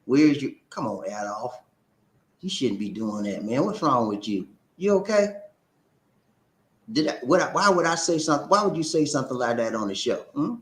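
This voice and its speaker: A man hosting a live-stream talk show, reading viewer comments and calling out shout-outs in an animated, preacher-like way. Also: mid-range voice, normal speed, roomy sound.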